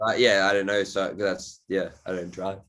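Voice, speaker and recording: Low-voiced rambling male podcast host. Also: little pitch movement, moderate pace, fairly bright tone. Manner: rambling, loose, swears freely. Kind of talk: casual podcast chat.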